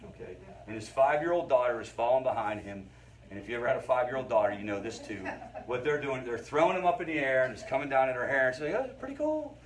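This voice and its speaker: A man's voice: medium pitch, quick pace, a little hiss or hum. A middle-aged man, a therapist, giving an informal, conversational lecture to a family recovery group and checking in with his listeners. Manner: conversational, keeps checking in with the audience. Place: meeting room with a group. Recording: voice picked up from a distance.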